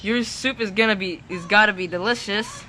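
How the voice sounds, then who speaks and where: A gameplay streamer in casual commentary who gets excitable, shouting urgent commands and reading game text aloud. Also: mid-range voice, normal speed, a little hiss or hum, rough recording.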